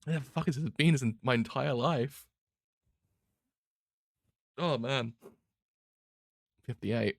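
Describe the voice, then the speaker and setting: A man's voice: mid-range voice, slow pace, gravelly, pauses often, dry recording, studio quality. A man reacting emotionally to a manga he reads, swearing often and laughing between lines.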